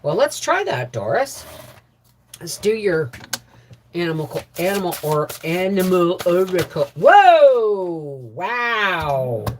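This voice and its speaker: Slow, lively-voiced woman chatting live. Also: on the low side, slight background noise. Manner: chatty, warm greetings to viewers, laughs often. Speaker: homestead livestream host. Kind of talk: casual live chat reading viewer comments.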